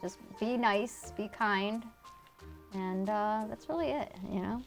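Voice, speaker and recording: A woman's voice: mid-range voice, fairly even intonation, slow, faint music behind. Chatty thirty-something woman streaming a game. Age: 30s. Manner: rambling, chatty, swears casually, reads and answers chat. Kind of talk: casual live-stream chat while gaming.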